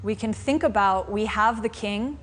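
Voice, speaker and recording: A woman's voice: mid-range voice, normal speed, a bit bright. Conversational woman meditation teacher. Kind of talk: dharma class storytelling. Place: live class room. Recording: faint room noise from a live stream.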